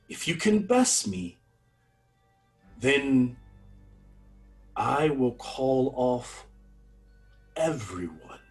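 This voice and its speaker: A man voicing a menacing, aristocratic male vampire lord who speaks in slow, grand, threatening declarations. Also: mid-range voice, distant mic, rough recording.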